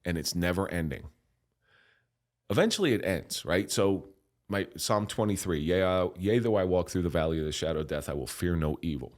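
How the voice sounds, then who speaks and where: Middle-aged man, low voice, podcast guest, animated and profane, preachy storyteller. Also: moderate pace. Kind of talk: casual storytelling.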